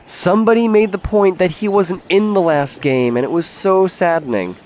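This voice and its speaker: A man's voice: high voice, normal speed, darkish tone, lo-fi sound, a little hiss or hum. A man giving casual, chatty gameplay commentary as a let's play host, swearing freely and laughing easily.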